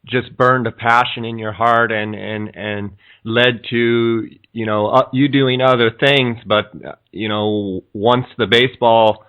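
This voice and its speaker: Smooth-voiced podcast host on a tinny line. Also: male voice, mid-range voice, steady tone, measured pace, a bit bright. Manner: enthusiastic, sums up the guest's stories. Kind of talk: casual interview chat.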